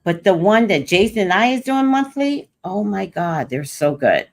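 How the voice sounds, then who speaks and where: A woman's voice: medium pitch, moderate pace. An older woman hosting a livestream, telling a personal story in casual chat and acting out what others said. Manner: animated storytelling, quoting others. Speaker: host.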